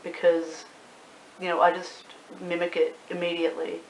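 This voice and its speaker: Talking straight to camera in a casual vlog, this young Australian YouTuber and club promoter has a slightly low, gravelly, monotone voice at a moderate pace. She's chatty and curses often, piling on ums and likes, while the echoey room carries a faint hiss.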